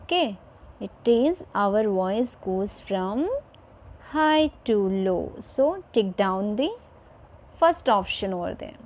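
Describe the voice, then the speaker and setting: A woman's voice: medium pitch, animated, slow pace, a little mellow. A woman teacher giving a recorded video lesson to children, repeating each point and checking in with "fine" and "okay".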